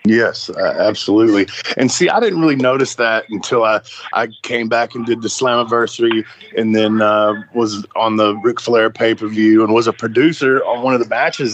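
A man's voice: medium pitch, slight background noise. A man hosting a podcast in loose casual chat, laughing often and swearing freely. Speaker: podcast host.

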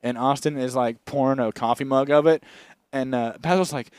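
A young man co-hosting a comedy podcast, chatting excitedly and profanely about movies and saying "dude" constantly. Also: medium pitch, moderate pace, smooth, no room sound, clean studio sound. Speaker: podcast co-host. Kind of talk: casual comedy podcast chat.

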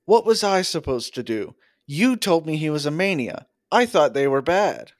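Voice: mid-range voice, sing-song, normal speed, natural voice. A podcast reader voicing a guilty, apologetic teenage boy demigod while reading a novel aloud. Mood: defensive.

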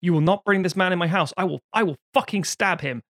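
A man voicing a grumpy, fierce village wife, blunt and forceful. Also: high voice, fast, no room sound, clean studio sound. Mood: defiant.

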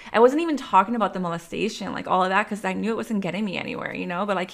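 A woman's voice: mid-range voice, racing, few pauses. A woman telling her life story in an interview, talking candidly with lots of "like" and "you know.". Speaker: interview guest. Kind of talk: personal storytelling in conversation.

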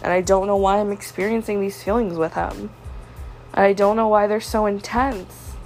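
A young woman talks through a painful personal story on her podcast. Her voice is hurt and frustrated as she confides in the listener. Her pitch sits mid-range, with soft music faintly underneath. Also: steady tone, normal speed, gravelly. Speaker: podcast host. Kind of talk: personal venting monologue.

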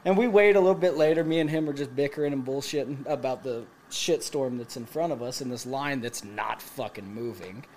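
A man in his late twenties telling a profane story to friends, animated and laughing as he goes. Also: mid-range voice, brisk, few pauses. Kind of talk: casual storytelling among friends.

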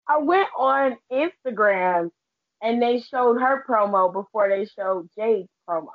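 A woman's voice: high voice, animated, measured pace, highs cut off. A woman from the United States co-hosting a podcast, explaining things in an emphatic, profane way. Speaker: podcast co-host. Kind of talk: casual chat.

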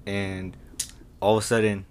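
A man's voice: lowish voice, little pitch movement, unhurried, clear, resonant tone. A young man casually telling a rambling story on a podcast, acting out both sides of the dialogue. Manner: rambling, acts out dialogue, many fillers. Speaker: podcast co-host.

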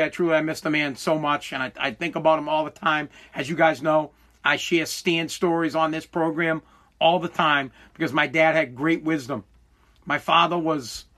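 A man in his forties hosts a podcast, his voice on the high side and fairly bright. He delivers an emphatic, profane motivational monologue full of restarts.

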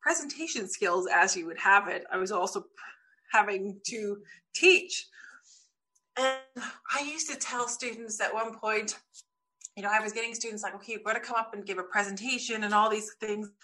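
Bright, lively woman telling stories. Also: medium pitch, normal speed. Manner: lively storyteller, acts out quotes. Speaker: podcast guest. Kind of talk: casual interview chat.

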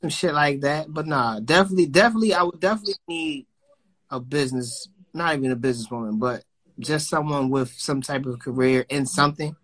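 A man's voice: a little high, fairly quick, fairly bright tone. A man in casual chat, talking loosely and profanely and often circling back on his words. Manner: loose, profane, rambling and repeats himself.

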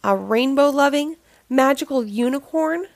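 A woman voicing a grumpy male monster in a children's storybook read-aloud, speaking in grumbling, gruff complaints. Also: sits high, measured pace, no echo, voice pushed up.

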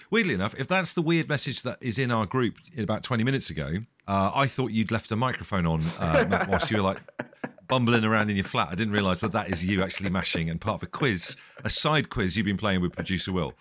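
A man's voice: lowish voice, lively intonation, fast, fairly bright tone, no echo, studio quality. A man hosting a podcast in rambling, jokey casual chat. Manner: rambling, jokey, self-deprecating. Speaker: podcast host.

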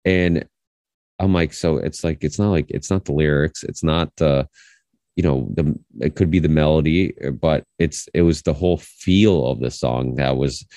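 A man in his thirties hosting a podcast, telling a story in a rambling, animated way full of restarts. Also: a bass voice, normal speed, no room sound, studio quality. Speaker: podcast host. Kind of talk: casual conversation.

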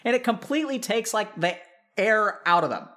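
A man who works as a psychiatrist, talking casually to a live chat audience in an animated way, with lots of "like" fillers, and calling his listeners y'all. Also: sits high, moderate pace.

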